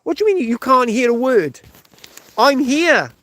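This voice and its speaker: A man's voice: very high voice, sing-song, measured pace, pushed and bright. A man from the United Kingdom hosting a rambling live stream, swearing heavily and checking in with "right?" all the time. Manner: rambling, heavy swearing, frequent restarts and "right?". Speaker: livestream host.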